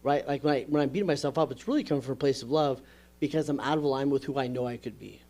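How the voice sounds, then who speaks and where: An energetic man talking on a podcast, explaining ideas with frequent "right?" checks. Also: medium pitch, racing. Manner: energetic, repeats "right?" often. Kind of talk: podcast conversation.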